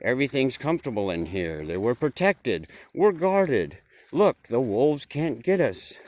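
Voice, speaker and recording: A man's voice: mid-range voice, very animated, unhurried, darkish tone. A man voicing a nervous flock of sheep who scold a friend and fear the wolves outside. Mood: fretful. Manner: fretful, scolding.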